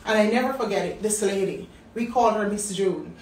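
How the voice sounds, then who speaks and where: Woman, Jamaican accent, thirties, animated storytelling, echoey room, far from mic. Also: mid-range voice, normal speed. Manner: animated storyteller acting out quotes. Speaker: business talk host. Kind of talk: personal storytelling. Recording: roomy, distant mic.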